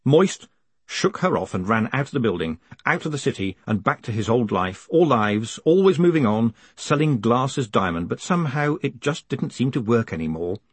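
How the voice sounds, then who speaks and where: A man narrating an audiobook in a wry, measured storytelling manner. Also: mid-range voice, big pitch swings, slightly rough, dry recording. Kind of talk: scripted narration.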